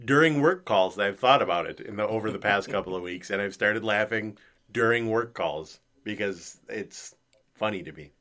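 A man with a bright, forceful tone set a little low in pitch. He co-hosts in relaxed chat and keeps slipping into giggles. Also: normal speed. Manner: giggly, amused, easily laughing. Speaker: podcast co-host. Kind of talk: casual chat.

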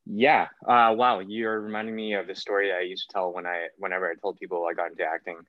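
A man's voice: sits low, flat delivery, fast talker, dry recording. A man, an actor, talking casually in an interview, rambling with many fillers. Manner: rambling, full of fillers like "like" and "whatnot". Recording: dull, lo-fi sound.

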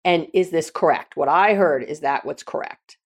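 A middle-aged woman with a slightly low voice talks through advice in a loose, unscripted way. She is blunt and plain-spoken, and she often stops mid-phrase, restarts and repeats herself as she works out examples. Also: moderate pace, breathy edge. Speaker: podcast host and counselor. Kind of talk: casual advice talk.

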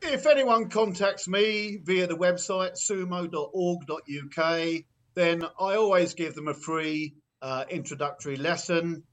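A man's voice: fairly high pitch, a bit bright. A man from the United Kingdom, a sumo wrestler and coach, talking earnestly and modestly as a guest in a casual interview.

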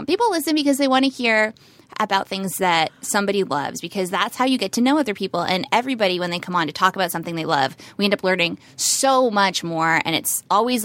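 Woman hosting a podcast, chatty and jokey, swears a bit. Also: lowish voice. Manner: animated, swearing, joking. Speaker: podcast host. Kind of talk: casual chat.

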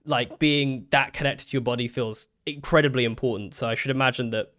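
A man's voice: mid-range voice, steady tone, a little fast, a bit bright. A man co-hosting a podcast in casual chat, rambling with many fillers and easy laughter. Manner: chatty, lots of fillers, laughs easily. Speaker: podcast co-host.

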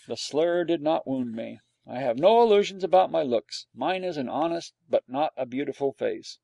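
A man narrates a story in a dry, wry first-person way. His voice is gravelly and somewhat raised, dark in tone, recorded close and dry. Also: a little high, expressive, moderate pace, hardly any pauses, no room sound.

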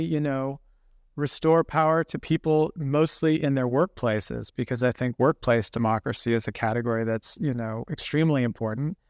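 A man with a gravelly, creaky voice answers interview questions in a measured, earnest way. The sound is dry and close, with no room around him. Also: medium pitch, dry recording. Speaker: guest author. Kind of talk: political interview.

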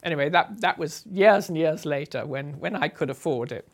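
A woman's voice: sits low, animated, normal speed. Older woman telling travel stories. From England (Sussex). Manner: chatty, anecdotal, laughs often between phrases. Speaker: traveller recounting her journey. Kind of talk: conversational travel memoir.

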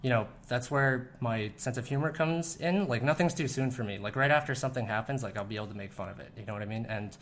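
A young man talking candidly as an interview guest, relaxed, with many fillers. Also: mid-range voice, fast, hardly any pauses. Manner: laid-back, lots of fillers, frequent "like". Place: room in the Philippines.

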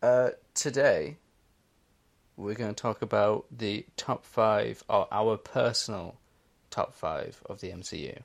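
A man's voice: lowish voice, slow pace, creaky. A man co-hosting a casual podcast chat, teasing his co-host and laughing often.

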